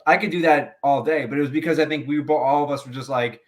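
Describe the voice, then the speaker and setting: A man's voice: a little high, steady tone, fast. Profane storytelling ex-wrestler man. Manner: profane, laughing anecdotes with quoted voices. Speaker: guest, former pro wrestler. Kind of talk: casual storytelling interview.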